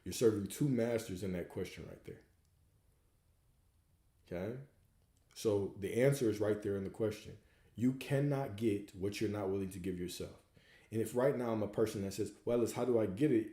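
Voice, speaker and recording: A man's voice: on the low side, moderate pace, pauses often, warm tone, roomy sound. A man hosting a livestream Q&A, coaching viewers and hammering points home with repeated rhetorical questions. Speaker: host answering viewer questions.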